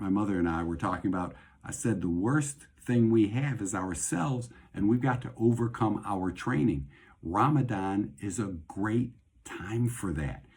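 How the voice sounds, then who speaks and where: A middle-aged male host speaks in a low, slightly breathy voice. His talk is casual and rambling, and he restates his ideas over and over as he goes. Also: a little mellow. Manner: rambling, conversational, repeats phrases for emphasis. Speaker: host and doctor. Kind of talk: casual talk on faith and health.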